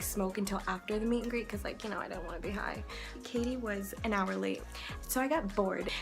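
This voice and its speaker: A young adult woman telling a casual storytime vlog, rambling, swearing and giggling as she goes. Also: mid-range voice. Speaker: vlogger.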